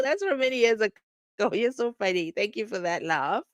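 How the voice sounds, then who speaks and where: Animated woman hosting a stream. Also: fairly high pitch, fairly quick, no echo. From South Africa. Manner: animated, reading viewer comments aloud. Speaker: live-stream host. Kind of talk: casual live-stream chat.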